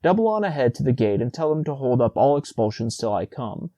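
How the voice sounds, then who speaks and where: A man reading Saint Peter, brisk old gatekeeper. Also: medium pitch, big pitch swings, dark tone, no room sound. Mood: urgent. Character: Saint Peter, elderly male gatekeeper, fussy.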